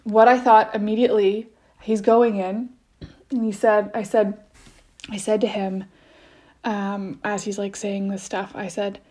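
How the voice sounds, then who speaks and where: Rambling mom in her thirties, casual storytelling, average pitch, restarts a lot. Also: flat delivery, unhurried, darkish tone. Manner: rambling, with many restarts and frequent "like". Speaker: mother sharing experiences as podcast guest.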